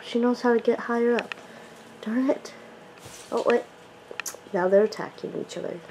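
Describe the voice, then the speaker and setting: A woman's voice: medium pitch, normal speed, long pauses, warm tone, breathy edge, low-quality recording. A young woman chatting casually to camera at home, rambling with lots of fillers. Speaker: vlogger. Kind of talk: casual vlog chat to camera. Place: home, indoors.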